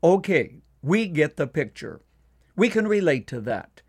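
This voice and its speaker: A man delivering a scripted devotional radio commentary in a measured, earnest way, slowing down to stress key points. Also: fairly high pitch, sing-song, slightly rough. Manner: measured, earnest, slows down for emphasis.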